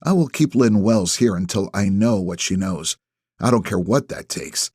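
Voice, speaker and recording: A man narrating an audiobook in first person, with a measured, terse delivery. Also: lowish voice, lively intonation, darkish tone, slightly rough, no echo, studio quality.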